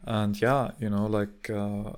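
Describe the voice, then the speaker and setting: A man's voice: fairly low pitch, flat delivery, slow. A young man casually telling a personal story, rambling with many fillers and restarts and casual swearing. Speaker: vlogger.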